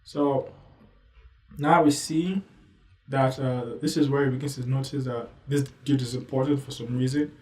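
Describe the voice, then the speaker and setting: A man's voice: mid-range voice, fairly even intonation, moderate pace, a little mellow, roomy sound, distant mic, soft background music, rough recording. Rambling man reviewing manga. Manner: rambling, loose, full of "you know" asides. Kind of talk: casual commentary.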